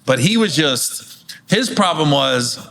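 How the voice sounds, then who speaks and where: Animated, storytelling male comedian. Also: on the high side, takes it slowly, creaky. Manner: animated, acts out quotes in raised voices, swears freely. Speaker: comedian guest. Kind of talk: casual storytelling chat.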